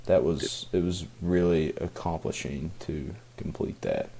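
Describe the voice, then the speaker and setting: A man's voice: sits low, a little slow, mellow, slight background noise. A young man co-hosting a podcast, talking casually in a rambling way with many fillers and restarts. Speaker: podcast co-host. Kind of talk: casual chat.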